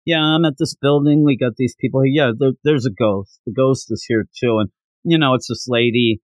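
A man's voice: mid-range voice, fairly even intonation, a little fast, no room sound, close to an everyday voice. A man voicing a bluffing adult male fake psychic in a casual, offhand way. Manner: casual offhand retelling with fillers.

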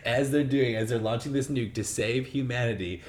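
A man's voice: medium pitch, fairly quick, darkish tone. Incredulous man mocking a movie. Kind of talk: casual movie discussion.

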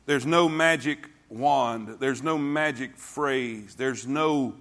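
A man preaching a sermon to his congregation, telling folksy stories and swinging between hushed asides and shouting. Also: medium pitch, slow. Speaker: pastor. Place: church sanctuary before a congregation.

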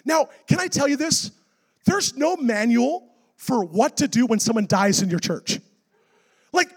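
High-voiced animated male preacher. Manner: animated, rising to near-shouts at dramatic moments. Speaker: pastor. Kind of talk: sermon storytelling.

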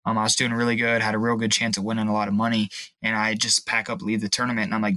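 Tearful young man with a bright voice. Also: fairly low pitch, level tone, no room sound. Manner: emotional, halting, pauses and restarts. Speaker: guest. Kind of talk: personal testimony.

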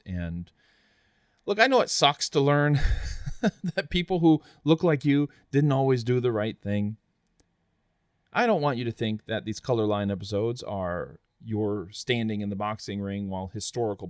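Lively earnest man hosting a history podcast. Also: mid-range voice, no room sound, clean studio sound. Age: adult, after college. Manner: lively, earnest, chatty asides. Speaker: podcast host. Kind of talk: conversational history narration.

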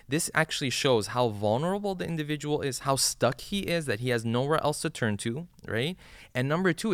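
A man teaches an old supplication, putting each line into plain words and often checking in with a quick "right?". His voice is smooth and clear, and it sits at an ordinary middle pitch. The recording is close and dry, with no room sound. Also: fairly bright tone, no room sound. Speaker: religious teacher. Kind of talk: explaining a supplication to listeners.

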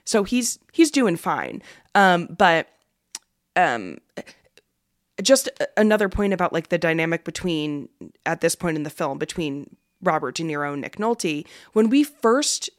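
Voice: mid-range voice, sing-song, unhurried, no room sound. Casual podcaster, dry close sound. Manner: casual, filler-heavy, laughs easily. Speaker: podcast co-host. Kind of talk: casual film discussion.

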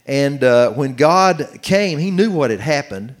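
A middle-aged man preaching on marriage, reading scripture slowly and commenting as he goes. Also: mid-range voice, expressive. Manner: earnest, reads scripture slowly with running commentary. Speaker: pastor teaching on marriage. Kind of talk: sermon-style Bible teaching.

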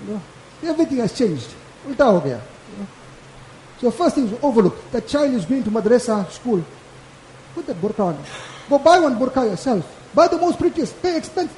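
A man's voice: extremely high pitch, big pitch swings, fairly quick, a little mellow, slight background noise. A man preaching a Friday sermon, casual in tone and repeating his points with emphasis. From South Africa. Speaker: maulana giving a Friday lecture. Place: mosque. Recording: echoey mosque hall.

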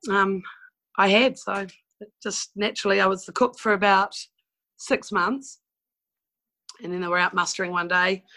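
A woman's voice: mid-range voice, fairly bright tone, low-quality recording. A woman from New Zealand with a New Zealand accent, frankly telling stories from her past in a casual interview. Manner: chatty and frank, with mild swearing and laughing asides. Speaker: guest telling life stories.

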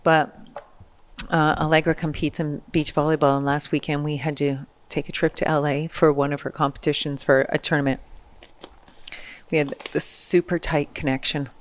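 Middle-aged woman guest on a podcast, low voice, tells a story all lively and acts out the other people. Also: moderate pace. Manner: animated storyteller acting out voices. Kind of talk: personal storytelling in conversation.

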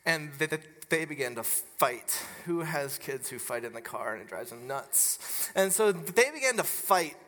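A preacher delivering a sermon in a bright, cutting voice, telling stories with lively, emphatic energy. The sound carries a long reverb, as if from a large hall or church. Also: mid-range voice, a little slow. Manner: animated storyteller, grows loud and emphatic as the story builds. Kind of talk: sermon with personal storytelling.

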